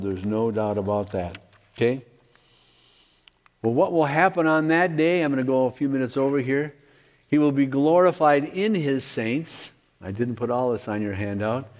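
A middle-aged male pastor delivers an earnest, conversational sermon at an ordinary pitch. He breaks off for casual asides to his congregation. His voice carries a long, hall-like reverb. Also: darkish tone. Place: church sanctuary.

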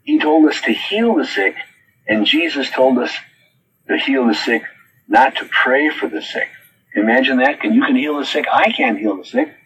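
A man's voice: mid-range voice, very animated, normal speed, vocal fry, fairly bright tone, a little hiss or hum, poor audio. A man preaching a sermon who reads quotes from his notes and then answers them with pointed questions.

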